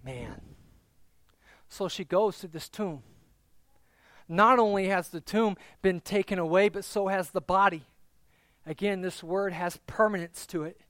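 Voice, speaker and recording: A man's voice: high voice, a bit bright, dry recording. A male pastor preaching an Easter sermon in a loose, conversational way, joking and calling on people by name. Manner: conversational, jokey, calls out congregants by name.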